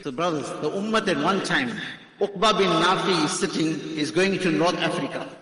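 A man preaching a sermon, telling stories with fervor and rising to loud cries. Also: on the high side, moderate pace. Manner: impassioned storytelling, rising to cries. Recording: echoey hall, strong reverb.

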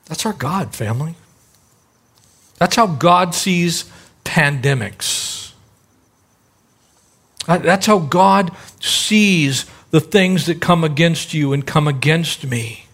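A man's voice: on the high side, lively intonation, slow, long pauses, a bit bright, husky. A middle-aged male pastor preaching a sermon in a conversational way, acting out the voices in the stories he tells.

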